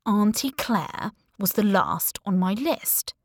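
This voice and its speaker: A woman voicing a cheerfully menacing middle-aged male kidnapper in an audiobook, calm and quietly threatening. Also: mid-range voice, slow, dry recording, studio quality. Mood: coldly dictating. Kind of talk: audiobook character voice.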